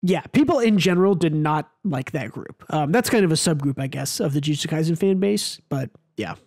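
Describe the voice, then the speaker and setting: High-voiced American man, dry close mic. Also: no echo. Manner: animated, swears casually, fast asides. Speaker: podcast co-host. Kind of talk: casual chat.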